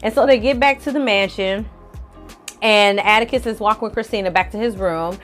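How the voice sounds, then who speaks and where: A woman hosting her own channel, recapping a TV episode in a lively, slangy storytelling style. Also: medium pitch, a little fast, faint music behind. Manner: animated, slangy storytelling with acted quotes. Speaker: film reviewer, channel host.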